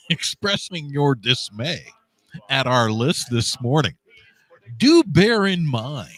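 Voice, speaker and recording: A man in his fifties hosting a morning radio show, talking in a preachy, rambling, folksy way. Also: a little high. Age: 50s. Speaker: radio host. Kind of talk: opinionated radio monologue.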